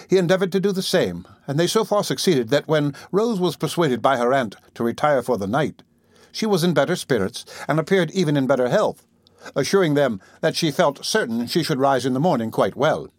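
A man narrating a classic novel as an audiobook, in a measured, even manner. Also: mid-range voice, dry recording, clean studio sound.

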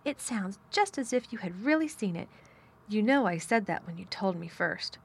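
A woman voicing a frail, excitable young boy. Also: medium pitch, normal speed, vocal fry, breathy edge.

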